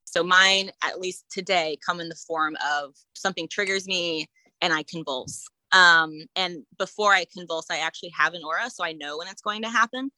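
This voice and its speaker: Woman in her late 20s, bright forceful voice, chatty and laughing a lot, dry close sound. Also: lowish voice, moderate pace, no echo, low-quality recording. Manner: animated, laughs often, many fillers. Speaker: guest sharing her story. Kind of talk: casual conversational storytelling.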